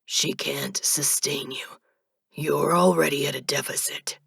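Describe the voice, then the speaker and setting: A woman voicing an emotionless male death spirit who speaks in a flat, neutral monotone in a storybook reading. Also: low voice, takes it slowly, creaky, husky, no echo, clean studio sound, exaggerated voice. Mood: cold.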